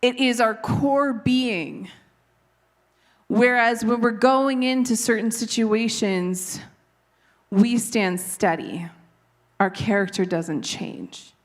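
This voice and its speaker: Unhurried woman with a light Canadian accent. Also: a little high. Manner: earnest, conversational, occasional laughs at herself. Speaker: Bible teacher. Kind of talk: devotional teaching.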